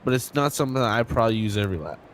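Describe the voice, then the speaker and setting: A man's voice: on the low side, expressive, racing, slight background noise. A young man commentating a sim race live, chatty and joking, with lots of fillers. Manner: casual, joking, filler-heavy.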